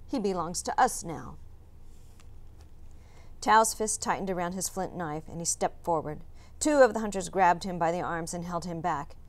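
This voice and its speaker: Calm woman reading a chapter book. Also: lowish voice, normal speed. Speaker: teacher reading aloud. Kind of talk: storybook read-aloud narration.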